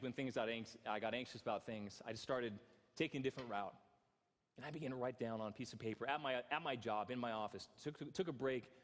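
A male pastor giving an earnest, self-deprecating sermon, often stumbling over repeated words. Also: mid-range voice. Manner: earnest, self-deprecating, frequent stammered restarts. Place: church hall. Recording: reverberant church hall.

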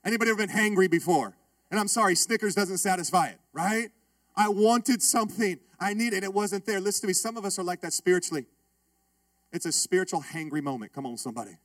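A male pastor telling a funny story in his sermon, joking with and calling out to the congregation in a lively way. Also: high voice, fast, no echo. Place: church.

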